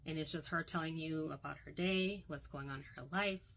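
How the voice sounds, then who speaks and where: A woman's voice: low voice, a little fast, gravelly, fairly bright tone, rough recording. A young woman recounting a painful personal story to her phone, candid and emotional, often quoting others.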